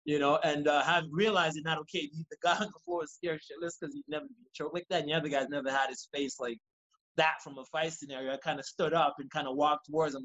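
A man, a podcast guest, telling a story in casual, profane, animated fashion and acting out what people said. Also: on the high side, dull audio. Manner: rapid, animated, profane, acts out quoted lines.

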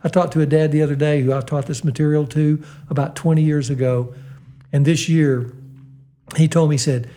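An older man from the United States, telling stories about fathers and children in a talk, acting out the quoted lines and slowing down for emphasis. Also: fairly high pitch. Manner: animated storyteller, acts out quoted dialogue, slows for emphasis. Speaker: fatherhood speaker and guest. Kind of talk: storytelling talk with a Christian slant.

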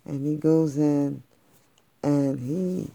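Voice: medium pitch, steady tone, very slow, gravelly, warm tone. A parent improvising a playful, slangy bedtime story for a child, doing the voices.

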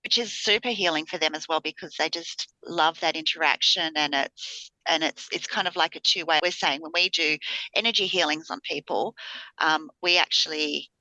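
A woman with a bright, forceful voice co-hosts a spiritual healing podcast. She chats casually, wandering through her points with frequent ums and restarts, recorded dry and close. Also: sits low, moderate pace, no echo, low-quality recording. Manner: rambling, many fillers and restarts. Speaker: podcast co-host, spiritual healer. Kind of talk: casual chat.

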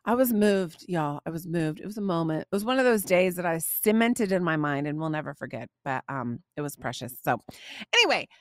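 Gushing, animated woman storyteller. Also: lowish voice, fairly quick, dry recording, studio quality. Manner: gushing, animated, laughs often. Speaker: podcast host. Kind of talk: casual storytelling to listeners.

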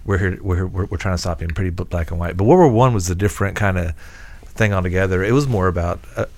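A man's voice: low-pitched, fast talker, darkish tone, no echo. A man hosting a casual podcast chat, rambling and stumbling over his words. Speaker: podcast host.

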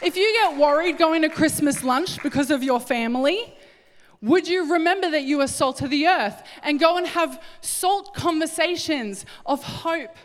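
A middle-aged woman preaching a sermon, animated and acting out little scenes in different voices. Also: high-pitched. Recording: echoey hall with long reverb.

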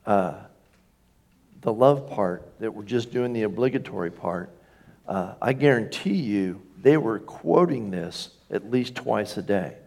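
A man's voice: lowish voice, lively intonation, measured pace, vocal fry, a little mellow. A man preaching a sermon in a church, emphatic, lifting his voice on key phrases and asking the congregation for agreement. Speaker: pastor.

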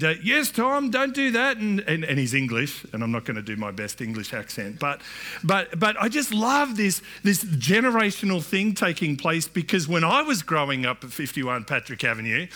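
A man's voice: a little high, sharp tone. A middle-aged man preaching a sermon in a church, talking in a conversational way with many restarts and asides. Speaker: pastor.

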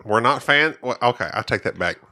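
A man co-hosting a podcast, chatting casually about board games in an animated way and laughing often. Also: medium pitch, a little fast. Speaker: podcast co-host.

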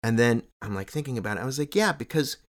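A man co-hosting a casual film chat, talking in an animated way with many stammered restarts. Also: racing. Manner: animated, stammering restarts, excitable pitch jumps. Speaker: podcast co-host.

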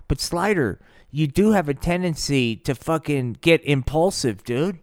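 A man improvising a comedy story on his podcast, rambling and swearing, with slang all through it. His voice sits a bit high, and the sound is dry and close to the mic. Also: animated, a little slow, hardly any pauses, no echo. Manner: profane, rambling, full of slang. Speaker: podcast host.

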